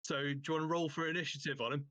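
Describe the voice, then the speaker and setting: A man's voice: on the high side, bright, forceful tone. A man running a tabletop game as game master, narrating casually with a rambling delivery. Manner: casual, rambling, many fillers and restarts.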